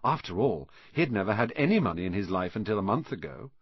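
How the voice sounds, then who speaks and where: Husky-voiced man narrating a storybook. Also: fairly low pitch, fast talker, dry recording, lo-fi sound. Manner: expressive, animated reading. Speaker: audiobook narrator.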